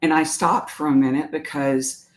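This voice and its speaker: A woman's voice: low voice, steady tone, moderate pace. A woman with a Southern US accent hosts a live stream. She talks in a chatty, meandering way, reads viewer comments aloud and wanders into everyday stories. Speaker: animal communicator hosting a live stream. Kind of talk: casual live-stream talk.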